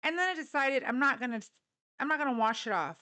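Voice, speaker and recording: This political livestream host has a high-pitched, bright voice and talks fast, expressively, and with a forceful tone. Streaming casually by phone from a hot indoor room, she's blunt, mocks viewers, and swears a lot.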